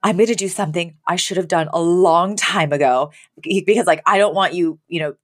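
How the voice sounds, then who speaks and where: A woman doing a stiff, halting gentleman. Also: on the low side, lightly acted. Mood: earnest. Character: awkward stiff male employer.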